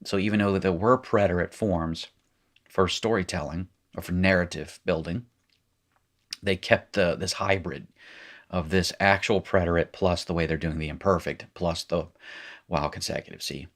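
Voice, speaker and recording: A deep-voiced man talks through exercises at a desk mic. His teaching rambles: he restarts sentences, backtracks, and drops dry, self-mocking asides along the way. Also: fairly even intonation, normal speed. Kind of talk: recorded language lesson.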